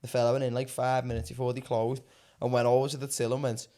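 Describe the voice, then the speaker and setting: A man, telling stories at speed in a casual podcast chat. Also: mid-range voice. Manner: fast, animated storytelling.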